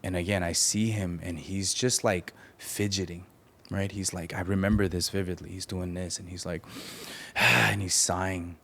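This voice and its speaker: A man speaking as a podcast guest, telling a personal story candidly, with halting pauses and reflective restarts. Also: deep voice, steady tone, fairly bright tone. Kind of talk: emotional storytelling.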